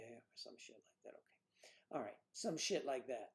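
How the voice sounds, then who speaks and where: A man's voice: medium pitch, very animated, normal speed, vocal fry. A man hosting a livestream, rambling and joking between songs with swearing and muttered asides. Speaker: livestream host playing guitar. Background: his own acoustic guitar.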